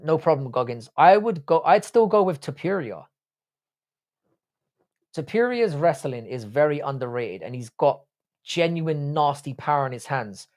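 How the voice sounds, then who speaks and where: A man's voice: fairly high pitch, a little mellow. A young man, Irish by birth and raised in London, hosting a casual livestream, reading out chat comments and giving blunt, profane opinions. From Ireland. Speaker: livestream host.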